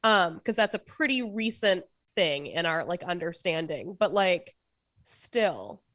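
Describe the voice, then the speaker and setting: Measured woman podcast co-host, dry sound. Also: on the low side, expressive, a bit bright, no echo. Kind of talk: casual chat.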